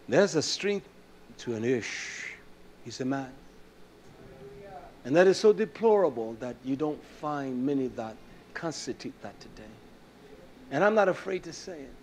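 A man preaching a sermon in a fiery, scolding style that drops to a quiet, storytelling voice. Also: mid-range voice, expressive, unhurried, pauses often, a little hiss or hum.

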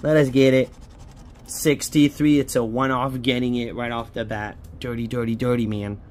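A man's voice: medium pitch, level tone, normal speed, a little mellow. A man giving casual running commentary as he scratches lottery tickets, chatty and hopeful, pleading with each ticket to hit.

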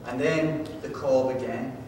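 A man from Georgia preaching a sermon, telling a story with drama, swinging from loud to hushed. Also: fairly even intonation, measured pace. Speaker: pastor. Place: church sanctuary. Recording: echoey church hall from far off, faint rumble.

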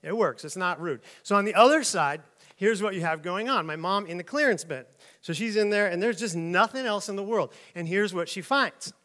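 This middle-aged pastor has a bright, high-pitched voice and preaches at a normal speed, telling lively stories to his congregation in an easy manner. He often takes on the voices of the people in those stories and sometimes shouts their lines.

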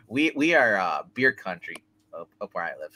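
Man, movie podcast host, rambling recap, frequent laughter, bright tense voice. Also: sits low, slight background noise. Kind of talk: casual chat.

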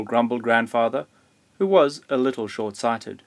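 A man's voice: medium pitch, fairly even intonation. Man reading a children's picture book. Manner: gentle, measured storytelling. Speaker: storybook reader.

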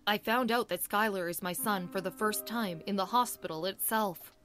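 A woman's voice: mid-range voice, moderate pace, fairly bright tone, faint music behind, close to an everyday voice. A woman voicing a young husband in an audiobook, explaining himself in a worried, pleading way. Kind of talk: audiobook character voice.

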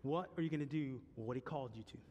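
A pastor in his forties preaching a sermon, swinging between loud preaching and hushed questions, often stammering and repeating words. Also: mid-range voice, very fast, highs cut off, a little hiss or hum. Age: 40s. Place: church sanctuary. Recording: long reverb of a church hall.

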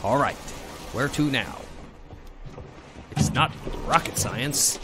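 Lively, joking man streaming a game. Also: mid-range voice, takes it slowly. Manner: joking, playful, swears freely. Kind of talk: casual solo gameplay chat.

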